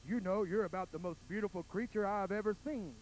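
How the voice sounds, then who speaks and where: A man voicing a burly, menacing biker woman with a low, growling, manly voice. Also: fairly quick, darkish tone, slight background noise, lightly acted, low-quality recording. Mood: smitten.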